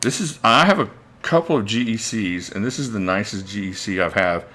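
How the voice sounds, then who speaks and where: A man's voice: lowish voice, animated, brisk, bright, forceful tone. A man hosting a casual livestream, rambling and thinking aloud as he greets viewers by name. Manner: reads out viewer names mid-talk. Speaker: knife channel host.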